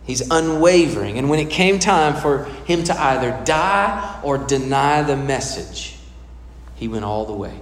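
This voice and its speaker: A pastor preaching a sermon in a conversational way, putting questions to the congregation. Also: male voice, medium pitch, animated, a little slow. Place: church hall. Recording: echoey hall with long reverb.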